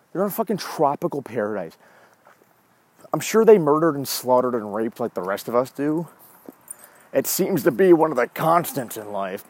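A man in his forties with a fairly high, slightly mellow, husky voice hosts his own show as he walks a dog. He delivers a casual monologue that's profane, rambling, and prone to wandering off track.

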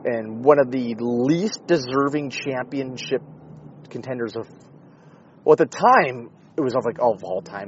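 A man's voice: mid-range voice, lively intonation, normal speed, highs cut off, a little hiss or hum. A man in a car giving a rambling, profane, heated monologue. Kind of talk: casual ranting monologue. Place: inside a car.

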